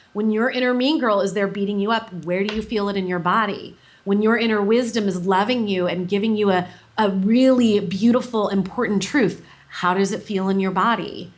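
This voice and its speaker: A woman coach answering an interview question at length, explaining patiently and dropping her voice low when she voices gentle advice. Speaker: coach, guest.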